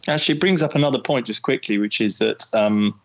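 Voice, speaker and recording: A man chatting casually at a fast clip. He often stops and restarts his sentences. His pitch sits in a middle range. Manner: fast, hesitant, many restarts. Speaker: co-host, father. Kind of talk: casual conversation.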